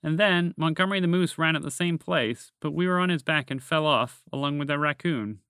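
A timid young frog from a storybook, earnest and a little nervous, as a man voices him. His voice is pitched up and comes across close and dry. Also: brisk, sharp tone, clear, resonant tone, dry recording.

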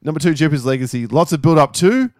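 A man co-hosting a podcast, reading out listener lists in casual, animated chat with frequent swearing and laughter. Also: a little high, quick pace, no room sound, clean studio sound. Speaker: podcast co-host.

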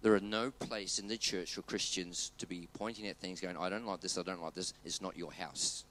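Emphatic preacher man, bright voice. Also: low voice, fairly even intonation, brisk, a little hiss or hum. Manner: emphatic, repeats key phrases, urges "come on". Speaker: pastor. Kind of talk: sermon.

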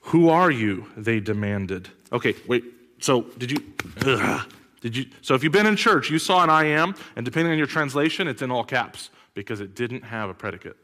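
A man preaching a sermon as pastor, animated and full of rhetorical questions, with sudden loud bursts. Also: medium pitch, fairly quick. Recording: long hall reverb.

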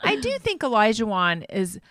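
A woman's voice: medium pitch, huge pitch swings, moderate pace, fairly bright tone. A woman co-hosting a podcast, chatting agreeably about a reality show and laughing often. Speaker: podcast co-host. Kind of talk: casual chat recapping a reality show.

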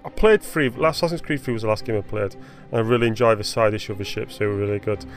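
A man's voice: fairly low pitch, fast talker. Man, casual game chat, rambling, self-correcting, faint music behind. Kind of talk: casual chat about video games.

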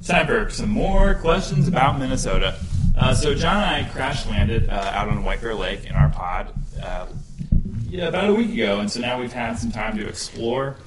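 A man's voice: medium pitch, very animated, normal speed, very noisy. A man hosting a comedic podcast live from a bookstore, playful and full of fillers. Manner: playful, hesitant with many fillers. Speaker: podcast host. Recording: echoey room with music.

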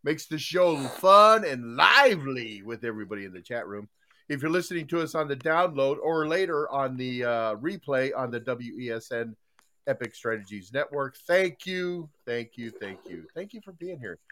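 Older man, podcast host: loose, chummy, rambling, with a lively swinging pitch. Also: normal speed. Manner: rambling, loose, many fillers and restarts; chummy, folksy greetings to listeners. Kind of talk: casual live podcast chat.

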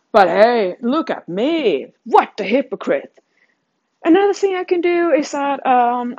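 A woman coach muses aloud in a loose, self-mocking monologue, stumbling over restarts and laughing at herself. Her voice sits fairly high. The recording sounds dull and lo-fi. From Sweden. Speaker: fitness coach. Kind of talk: casual self-reflective monologue.

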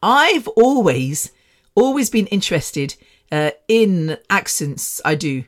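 A woman's voice: medium pitch, sing-song, slow pace. A woman, hosting a casual solo podcast, rambling and laughing often. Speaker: podcast host.

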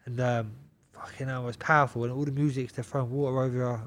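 A young man, a pro boxer guesting on a podcast, telling a story in an animated, repetitive way, swearing constantly and laughing often. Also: medium pitch, fast talker. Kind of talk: casual storytelling chat.

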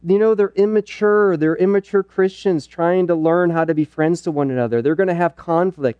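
A man's voice: on the high side, warm tone, clean tone, no echo. A middle-aged man teaching at a church parenting night, earnest and conversational with playful asides. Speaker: pastor speaking at a parenting night.

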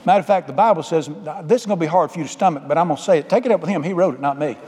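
Speaking rapid-fire in a warm voice on the high side, a man delivers a folksy, emphatic sermon and calls out for amens from the congregation. The church sanctuary gives the recording a long hall reverb, and the exchange runs call-and-response.

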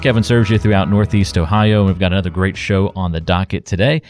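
A man's voice: low voice, fairly even intonation, fast, darkish tone, soft background music. A man co-hosting a podcast, chatting in an upbeat, easygoing way and bringing in the guest. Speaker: podcast co-host. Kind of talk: casual podcast chat.

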